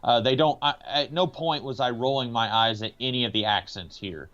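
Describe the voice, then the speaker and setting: A man's voice: medium pitch, fairly quick, a bit bright. A podcast co-host from the American South talks through a film in a casual, meandering way. He hesitates often and leans on filler words. The recording sounds a little dull and lo-fi. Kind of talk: casual movie discussion.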